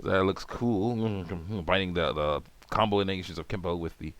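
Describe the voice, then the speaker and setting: A man's voice: low voice, normal speed. A man chatting casually as host of a game video, rambling with many fillers and chuckles. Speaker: let's play video host.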